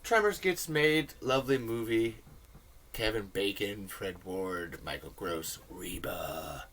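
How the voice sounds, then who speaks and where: A man's voice: on the low side, animated, takes it slowly, fairly bright tone. A man hosting a casual film commentary, talking in a rambling, enthusiastic way full of fillers. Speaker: film commentary video host.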